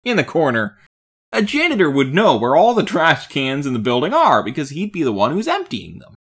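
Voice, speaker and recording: Lively, bright-voiced man joking dryly. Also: fairly high pitch, brisk, breathy edge. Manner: lively, wry, deadpan jokes. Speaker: podcast co-host. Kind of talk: casual film discussion.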